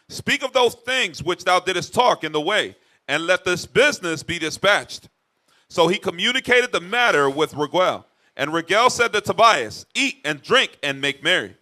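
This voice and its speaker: A man reading old scripture verses aloud at a steady, plain pace. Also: sits high. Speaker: scripture reader.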